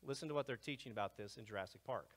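A man giving an energetic lecture to a live audience, jumping between loud, excited asides and hushed remarks. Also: mid-range voice, racing. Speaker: speaker presenting to a live audience. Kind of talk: animated lecture. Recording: long hall reverb.

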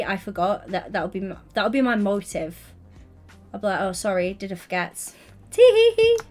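A young woman streaming, chatting casually and teasingly while building in a game. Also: mid-range voice. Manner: teasing, giggly, playful.

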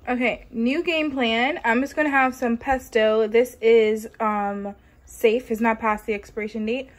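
A woman vlogs casually from her home kitchen, chatting and rambling with heavy use of "like" in a New York accent. Her voice is on the high side, steady in tone, at a measured pace.

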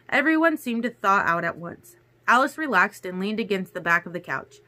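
Bright-voiced woman reading a novel aloud. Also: mid-range voice, lively intonation, a little fast. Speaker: audiobook reader. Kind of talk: first-person novel narration.

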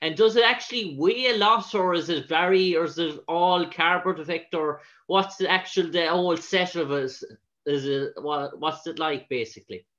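A man's voice: on the high side, moderate pace, fairly bright tone, highs cut off. A male interview host asking a long, rambling question with several restarts.

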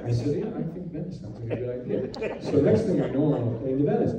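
A man, a film director, telling an animated anecdote on stage and slipping into voices of the people in it. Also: fairly high pitch, quick pace, recorded from a distance, background noise. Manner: animated storyteller doing voices of others. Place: festival venue with audience. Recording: echoey hall, mic from afar, audience.

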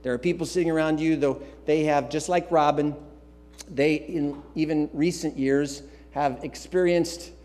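A male pastor delivers a sermon in a church, his voice pitched a bit higher than most men's. He preaches emphatically, repeating key phrases, and drops in casual asides. A long reverb trails his words through the hall. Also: warm tone. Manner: repetitive, emphatic preaching with asides and filler sounds. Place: church sanctuary.

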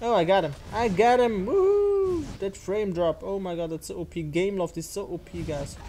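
A man with a high voice commentates over his own gameplay. He is excitable, whoops loudly and swears often. A faint hiss of noise sits behind him. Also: brisk. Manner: excitable, loud whoops, frequent swearing and exclamations. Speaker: channel host playing a mobile game.

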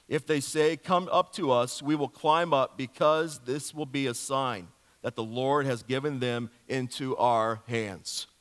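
A male pastor giving a sermon in a lively, joking storytelling manner, firing off rhetorical questions to the congregation. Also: a little high. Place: church sanctuary. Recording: long hall reverb of a church.

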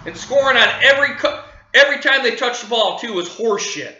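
A man's voice: very high-pitched, animated, fairly quick, bright, forceful tone, echoey room, dull audio. A man ranting angrily about his football team, cursing and repeating himself, livid. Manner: profane, furious, repeating himself. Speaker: sports fan vlogger. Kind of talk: angry fan rant.

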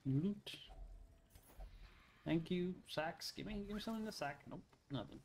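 A man giving casual let's-play commentary, excitable, exclaiming and cursing at the game. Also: high-pitched, moderate pace, a little hiss or hum. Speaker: gaming video host.

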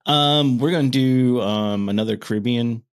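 A man in his thirties chatting casually on a podcast, stumbling and restarting his words when excited, laughing often. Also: medium pitch, moderate pace, smooth. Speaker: podcast co-host. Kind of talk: casual chat.

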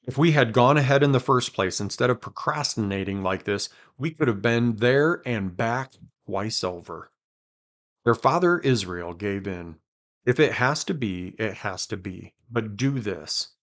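Man reading scripture with quiet drama. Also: on the low side, expressive, unhurried. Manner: reads with quiet dramatic emphasis, chats between passages. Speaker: podcast host reading scripture aloud. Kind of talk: conversational Bible reading.

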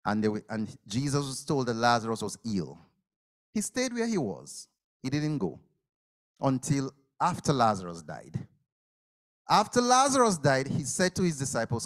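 During his sermon, a man of medium pitch and moderate pace tells a story with great animation. He gives voice to each person in the tale, lowering to a whisper during its hushed moments.

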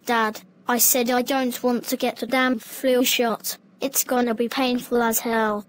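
A woman's voice: fairly high pitch, little pitch movement, unhurried, a little hiss or hum, close to an everyday voice. A synthetic woman's voice with a British accent playing a bratty, defiant little boy in a cartoon, whiny and rude. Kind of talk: text-to-speech cartoon dialogue.

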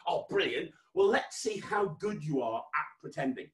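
Animated British kids' magician, roomy webcam sound. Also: male voice, a little high, normal speed, distant mic. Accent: British English. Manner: playful, exaggerated mock-stern, swings to excited shouts. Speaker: children's party magician. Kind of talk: interactive kids' magic show over video.

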